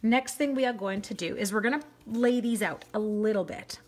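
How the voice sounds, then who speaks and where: A woman's voice: fairly high pitch, normal speed, darkish tone. A middle-aged woman from Canada hosting a live card-making tutorial, chatty and upbeat, greeting viewers by name as she works.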